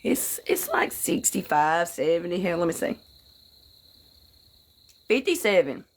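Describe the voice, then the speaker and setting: A woman's voice: on the low side, lively intonation, a little slow. A woman hosting a casual livestream who greets viewers by name, swears freely and tells rambling stories in a folksy way. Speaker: livestream host.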